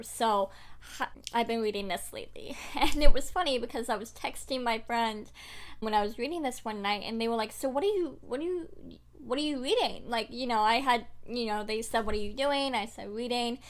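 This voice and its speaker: A young woman vlogging about books at home into a desk microphone, rambling and chatty with many fillers. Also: on the high side. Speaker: book vlogger. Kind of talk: casual to-camera chat.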